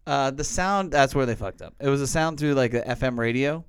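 A man's voice: mid-range voice, fairly quick. A man co-hosting a podcast, chatting casually and telling rambling, self-mocking stories with plenty of cursing. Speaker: podcast co-host. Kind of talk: casual chat.

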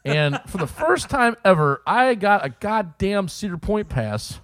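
A middle-aged man telling stories in a casual chat, animated and laughing as he goes. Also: high-pitched, measured pace.

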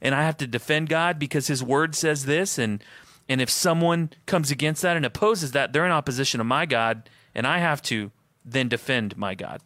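A married man co-hosting a casual Christian talk stream, thinking out loud and posing questions to his partner and the chat. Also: medium pitch, normal speed, no echo, clean studio sound. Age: adult, married. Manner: thoughtful, musing, asks questions aloud. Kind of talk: casual faith discussion.

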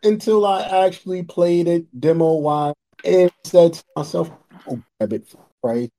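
A man co-hosting a casual podcast, enthusiastically pitching game deals and repeating himself, heard over choppy online call audio. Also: normal speed, dark tone.

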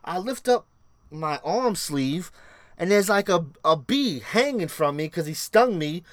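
A man from Puerto Rico co-hosts a casual podcast, telling stories in an animated, profane, joking way. His voice sits a little high and bounces widely in pitch. The sound is dry and close, with no room in it. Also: a little slow, no echo. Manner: animated storytelling, loose and profane. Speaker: podcast co-host. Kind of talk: casual chat.

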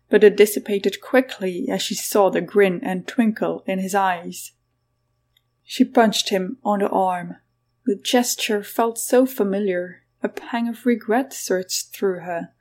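A woman narrating a fantasy story in a scripted, even reading. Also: mid-range voice, measured pace. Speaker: audiobook narrator.

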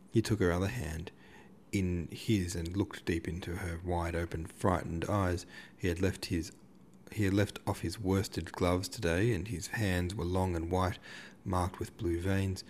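Low voiced guy reading a novel aloud, steady, faint hiss. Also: unhurried. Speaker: audiobook narrator. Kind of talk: literary audiobook narration.

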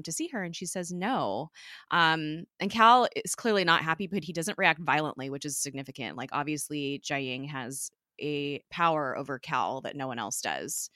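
A woman hosting a podcast, recapping a TV episode in a chatty way, full of fillers and quick giggles. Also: deep voice, bright, forceful tone, no echo, studio quality.

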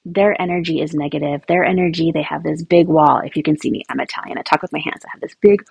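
A woman hosting a casual advice talk for mothers, chatty and animated, acting out little quoted lines. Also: low-pitched, fast, no room sound. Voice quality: gravelly, husky. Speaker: podcast host speaking to mothers.

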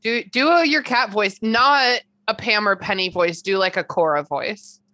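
A woman's voice: mid-range voice, moderate pace, bright, forceful tone. A woman co-hosting a podcast, chatty and casual, swearing now and then. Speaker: podcast co-host. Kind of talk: casual chat.

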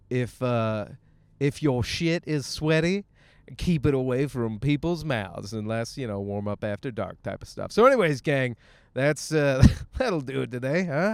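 A young man hosting a solo podcast, ranting in a profane, animated way and laughing through his stories. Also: medium pitch, clear, resonant tone, no echo. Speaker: podcast host.

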